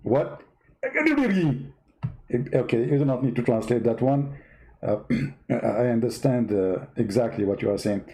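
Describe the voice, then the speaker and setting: A man's voice: medium pitch, big pitch swings, takes it slowly, mellow, rough recording. A man from the Middle East hosting a religious debate video, giving a sarcastic, mocking comedic monologue.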